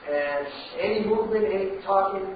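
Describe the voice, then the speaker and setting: A man asks about his young son's discipline, hesitating often and filling pauses with "uh" and "um." He sounds far from the microphone, in a very echoey room, with a dull sound and clear background noise. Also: sits high. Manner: hesitant, many fillers. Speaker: caller asking a question. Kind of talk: audience question. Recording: distant roomy audience mic.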